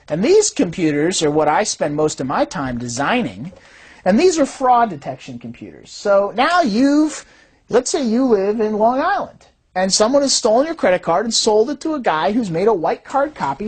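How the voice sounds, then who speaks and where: Husky-voiced woman giving a lively explanatory talk and acting out the voices she quotes. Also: medium pitch. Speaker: fraud detection systems designer.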